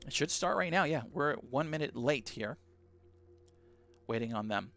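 A man hosting a live reaction stream on a broadcast headset, chatting casually and excitedly with viewers. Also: fairly high pitch, moderate pace, gravelly, soft background music.

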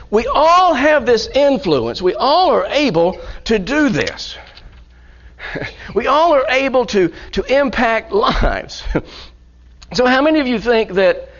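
Male pastor, high voice, lively sermon with stumbling repeats, dull lo-fi church recording. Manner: animated, repeats words, chuckles often.

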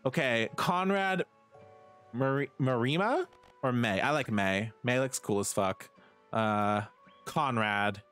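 A man's voice: mid-range voice, slow pace, fairly bright tone, smooth. A man streaming live, chatting casually with viewers as he plays, self-mocking and swearing freely. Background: faint game music.

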